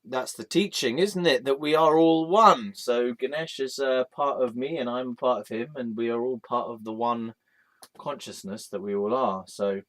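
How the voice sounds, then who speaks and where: A man's voice: medium pitch, steady tone, normal speed. A man hosting his own vlog, rambling in a casual, joking way and chatting aloud to a picture as if it were a friend. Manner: playful, joking, talks aloud to an image of a deity. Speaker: vlog host.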